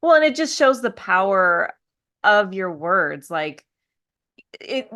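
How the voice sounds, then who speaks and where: A woman's voice: mid-range voice, sing-song, slow, fairly bright tone. A woman co-hosting a podcast, chatting casually and praising her guest, often restarting her sentences as she thinks aloud. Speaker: podcast co-host. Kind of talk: casual chat.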